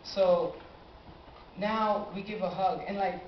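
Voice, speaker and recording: An eighteen-year-old man telling a personal story on stage, animated and acting out his own reactions. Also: sits high, slow pace, background noise. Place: live stage in a small cafe venue. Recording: roomy, dull amateur live recording.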